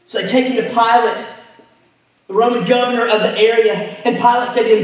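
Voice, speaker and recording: A man preaching a sermon, retelling a scripture story, dropping to hushed tones and rising to emphatic ones. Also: extremely high pitch, fairly even intonation, brisk. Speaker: pastor. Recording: echoey hall, mic at a distance.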